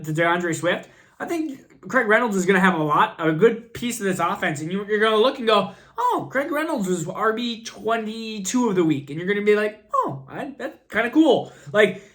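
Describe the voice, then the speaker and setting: A man with a fairly high voice gives casual fantasy football picks while sick with a cough. He rambles, restarts his sentences and jokes at his own expense. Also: a bit bright. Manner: rambling and self-deprecating, with frequent restarts. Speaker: fantasy football channel host. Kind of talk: casual advice vlog.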